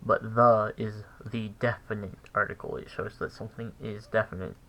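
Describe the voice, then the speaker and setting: A man giving a casual recorded language lesson, thinking aloud with pauses and restarts. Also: on the low side, steady tone, gravelly, a bit bright, rough recording. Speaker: language teacher.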